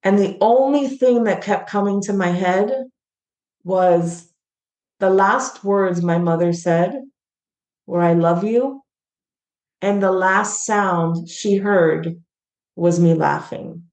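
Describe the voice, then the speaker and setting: A woman's voice: medium pitch, slow pace, darkish tone, echoey room, rough recording. A middle-aged woman, a guest in an interview, telling a heartfelt personal story in an earnest, emotional way. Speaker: guest, founder of a gratitude platform.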